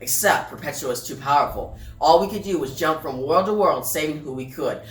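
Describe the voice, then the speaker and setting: A woman's voice: sits low, a little fast. A woman casually reviewing a comic book, chatty, often repeating words and asking viewers for thoughts. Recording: roomy and distant, faint music.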